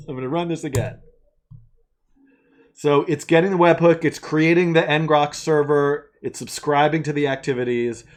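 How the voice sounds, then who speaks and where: A man hosting a live coding stream, casually thinking aloud and narrating each step as he works from an attic room. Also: on the high side.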